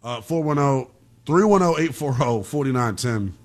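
A young man hosting a call-in sports radio show, ranting in a slangy, animated way. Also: medium pitch, moderate pace. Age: young adult.

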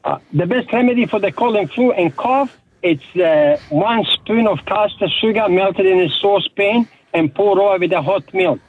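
A man's voice: sits high, normal speed, slightly rough. An older male caller with a Bosnian accent, earnestly explaining a home remedy. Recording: tinny phone line with faint noise.

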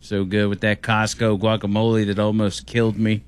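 A man's voice: fairly low pitch, flat delivery, clear, resonant tone. Rambling talk radio host man. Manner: loose, rambling and chatty, drawn-out shouted show openers. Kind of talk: casual talk radio chat.

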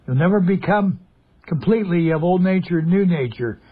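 A man's voice: high voice, normal speed, husky, phone-quality sound. A man preaching a radio sermon, emphatic, asking the audience questions and answering them himself. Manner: emphatic, asks and answers his own questions.

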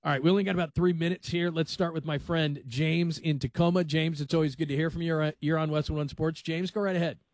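A man's voice: a little high, fairly even intonation, fast, hardly any pauses, no echo. Rambling male sports radio host. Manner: rambling, conversational, self-deprecating sarcasm. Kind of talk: late-night sports talk radio. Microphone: studio microphone.

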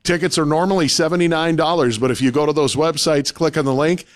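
A man co-hosting a radio show, chatting casually and reading out event listings in a brisk, list-like way. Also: fairly high pitch, fairly even intonation, dry recording, studio quality. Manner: reads event details in a brisk, listy way. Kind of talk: casual radio chat and announcements.

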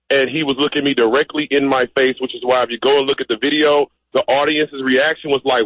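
A man's voice: mid-range voice, fairly even intonation, fairly quick, hardly any pauses, breathy edge, dry recording. A man speaking as a guest on a radio call-in show over the phone, emphatic and direct. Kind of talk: call-in interview. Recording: muffled phone line.

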